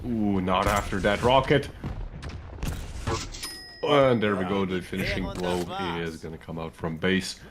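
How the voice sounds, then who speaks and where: A man from Latvia doing steady, analytical play-by-play commentary on an esports match, with plenty of fillers. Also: deep voice, a little slow, long pauses, a crowd in the background. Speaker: esports caster.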